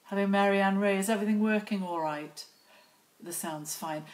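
A woman's voice: mid-range voice, moderate pace. A middle-aged woman hosting a casual live stream outdoors on her phone, chatty and teasing as she greets viewers by name. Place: outdoors near lambs.

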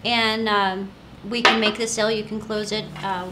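A woman's voice: medium pitch, level tone, moderate pace, heavy background noise. A woman co-hosting a casual question show, chatty and giggly, telling rambling stories. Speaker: co-host of a store's question show. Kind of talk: casual chat.

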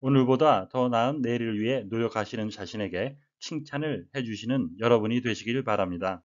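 A man's voice: mid-range voice, rapid-fire. A middle-aged man from Korea hosting an English lesson, patiently explaining news phrases one by one in Korean. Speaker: English teacher and channel host. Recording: lo-fi voice recording.

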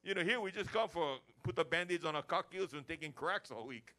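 A man preaches with a bright, forceful ring, his voice sitting a touch high for a man. He keeps the sermon energetic, slipping into everyday chats to make his points. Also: fairly quick. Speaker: pastor. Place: church service.

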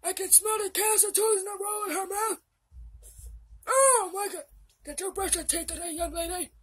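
Brief: woman doing a shrill, bossy toothless old grandpa who shouts orders, bright high voice. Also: normal speed. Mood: scolding. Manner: scolding, shouty.

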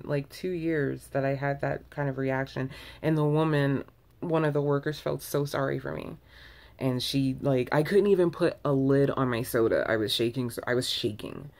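A woman's voice: extremely low pitch, a little mellow. A woman vlogger talking to camera in a loose, candid ramble, full of restarts and self-corrections, with sighs between thoughts. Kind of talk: casual early-morning ramble to camera.

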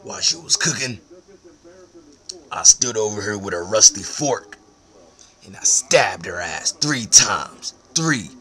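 Slow, punchy man. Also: fairly low pitch. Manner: deadpan, profane, slang-heavy. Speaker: comedian. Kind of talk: absurd comedic storytelling.

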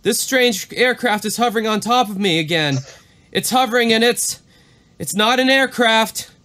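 A man voicing a worried young pilot calling in on his radio, pitched high above his own speech and pushed loud, urgent and rising. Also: moderate pace. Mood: alarmed. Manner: urgent, rising, reading from a transcript. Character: anxious young male pilot radioing control.

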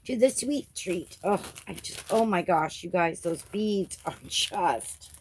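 A woman's voice: lowish voice, expressive, takes it slowly, hardly any pauses, a little mellow, slight background noise. A woman hosting her crafting channel, chatting casually through an unboxing and gushing over each item with little gasps.

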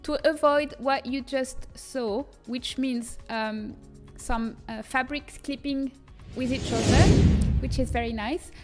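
A woman's voice: sits high, fairly even intonation, slow, hardly any pauses, loud music behind the voice. A young woman with a French accent giving a casual livestream tutorial, chatting, reading viewer comments and laughing often. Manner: chatty, laughs often, reads chat aloud. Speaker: streamer teaching custom content.

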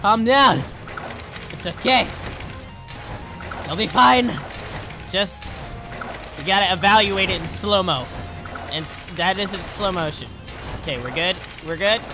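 Over music, a young man with a high voice talks slowly and pauses often during casual let's play commentary. He coaches himself through tricky jumps with rambling asides and yelps and shouts every time he fails.

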